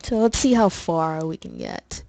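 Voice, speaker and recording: A woman's voice: sits low, wildly swooping pitch, a little slow, gravelly, a little mellow, low-quality recording. A young woman from New York with a New York accent, rambling through casual let's play commentary in a chatty, self-deprecating way.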